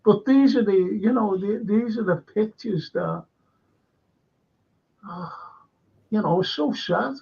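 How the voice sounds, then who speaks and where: A man's voice: high-pitched, slow pace, creaky, pauses often, mellow, breathy edge. A man hosting a casual talk show, rambling with restarts and reading viewer comments aloud. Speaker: host. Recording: dull lo-fi sound.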